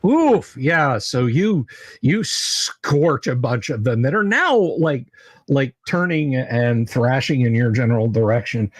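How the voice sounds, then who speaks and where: A man running a tabletop game as game master, halting with many filler sounds. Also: medium pitch, lively intonation, no room sound. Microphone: video call mic.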